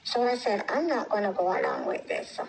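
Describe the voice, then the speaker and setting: A woman telling an emotional personal story, her voice climbing high when she gets upset. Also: wildly swooping pitch, brisk, slight background noise, low-quality recording. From United States.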